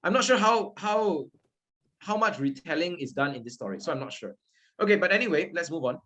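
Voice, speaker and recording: A man's voice: a little high, animated, fairly quick, fairly bright tone. A man teaching a Buddhist story class, conversational, often checking in with his listeners. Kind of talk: interactive Dharma class.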